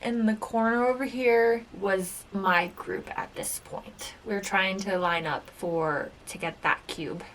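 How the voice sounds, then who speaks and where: Woman vlogger, mid-pitch, chatty storyteller, casual reaction video, light background hiss. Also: fairly even intonation, unhurried, few pauses, a bit bright. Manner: chatty storytelling, lots of filler "like". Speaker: former game show contestant.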